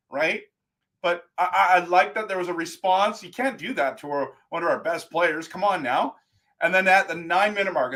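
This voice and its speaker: A man hosting a live post-game stream, ranting in an animated, exasperated way about a hockey game. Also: high-pitched. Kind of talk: post-game fan talk.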